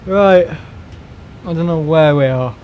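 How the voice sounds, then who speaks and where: A man's voice: fairly high pitch, takes it slowly, muffled recording, slight background noise. A young man, chatting casually on a live stream, rambling and grumbling as he talks. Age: young adult. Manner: rambling, grumbling, mimics other people in asides.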